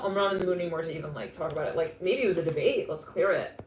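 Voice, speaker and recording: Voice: mid-range voice, very fast. Live tarot reader with a rambling, laugh-filled delivery, recorded in a roomy space with faint noise. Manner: rambling, chatty, laughs often, restarts mid-thought. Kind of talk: live intuitive tarot reading.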